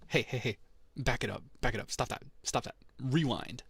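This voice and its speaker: A man streaming a quiet casual chat, teasing playfully and quick to laugh, close to the mic. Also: mid-range voice, animated, husky, no echo.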